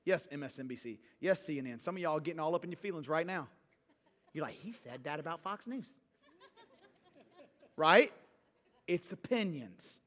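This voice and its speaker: A man preaching a sermon, telling stories in a conversational, animated way and drawing the congregation in. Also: high voice. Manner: conversational, animated storytelling with a call-and-response feel. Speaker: pastor. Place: church sanctuary. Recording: reverberant church hall.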